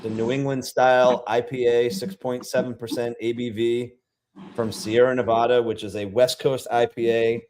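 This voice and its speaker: A man with a Rhode Island accent chats casually while hosting a livestream. He rambles, restarts sentences and fills pauses, in a mid-pitched voice. Faint noise sits underneath. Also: little pitch movement, darkish tone. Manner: chatty, rambling with many fillers and restarts. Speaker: beer-tasting livestream host.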